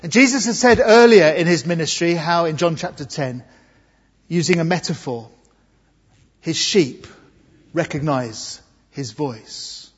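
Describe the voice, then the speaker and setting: A man from England delivers an Easter sermon in a church, earnest and emphatic, dwelling slowly on key words. His voice is breathy and a little high for a man. The sound is dull and washed in the long reverb of a large hall. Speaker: preacher.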